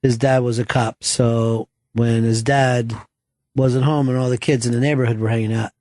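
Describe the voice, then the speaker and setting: A man's voice: mid-range voice, flat delivery, normal speed, a little mellow, dry recording. A man telling loose, profane stories in casual studio chat as the podcast host. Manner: loose storytelling, swears freely.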